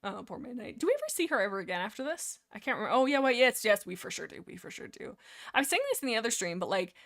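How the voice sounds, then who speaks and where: A woman streamer rambling casually about a book series, animated and sarcastic, full of fillers and restarts. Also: a little high, very fast.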